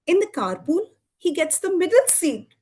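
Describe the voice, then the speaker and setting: A woman telling a lively children's story at a storytelling evening, with expressive voices and sound effects. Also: very high voice, normal speed. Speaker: storytelling student. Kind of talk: live storytelling performance for children.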